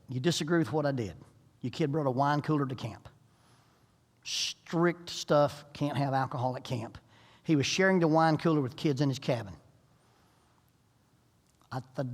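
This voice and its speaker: A middle-aged man preaching a sermon in a folksy, humorous storytelling manner. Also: on the high side. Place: church sanctuary. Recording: echoey church hall.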